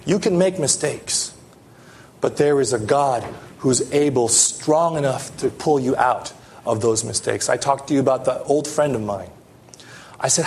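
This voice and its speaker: A man preaching a sermon as pastor, earnest, lifting his voice for emphasis and dropping it soft. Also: medium pitch, normal speed, gravelly, slight background noise.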